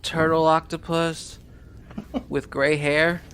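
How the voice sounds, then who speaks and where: Gravelly, offhand male player. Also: on the high side, flat delivery, slow, fairly bright tone, slight background noise. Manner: joking, offhand. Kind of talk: casual tabletop game banter.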